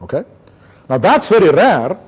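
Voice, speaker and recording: A man from India with a high, breathy-edged voice speaks at a moderate pace during a neurology conference lecture. He's an animated storyteller, dramatizing his dialogues with patients as he shares cases.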